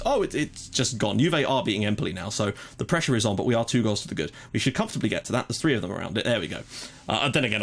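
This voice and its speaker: A young man casually commentating his own football management game, chatty, with frequent fillers and mock match calls. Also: mid-range voice. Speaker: gaming YouTuber. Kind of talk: casual let's-play commentary.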